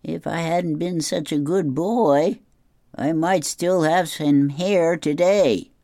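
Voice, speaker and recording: A woman's voice: low-pitched, takes it slowly, warm tone, dry recording, clean studio sound, pitched above the performer's own voice. A woman voicing a bald, wry old grandfather reminiscing to his grandson.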